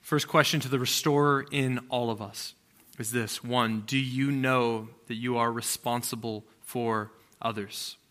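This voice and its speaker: A man's voice: medium pitch, steady tone, unhurried, fairly bright tone. A man in his thirties, a pastor preaching a sermon in a conversational, storytelling way that rises to emphatic peaks.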